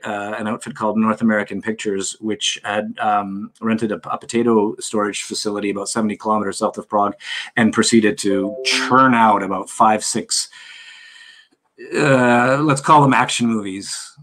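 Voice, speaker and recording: A man's voice: on the low side, moderate pace. A middle-aged man telling stories as a guest on a video call interview, acting out quotes as he goes. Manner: animated storyteller, acts out quotes. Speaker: guest actor. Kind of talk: casual interview chat.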